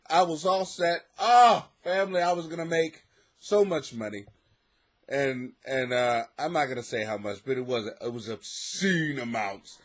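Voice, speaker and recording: An American man hosting a casual comic podcast from his basement, rambling and swearing, laughing often and swinging between mutters and near-shouts. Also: medium pitch, normal speed. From United States. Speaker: podcast host, struggling comic. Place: home basement.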